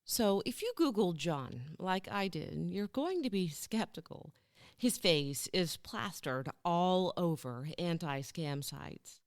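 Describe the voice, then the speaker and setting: Low-pitched, lively woman podcast host. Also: slow, dry recording, studio quality. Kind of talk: scripted narration.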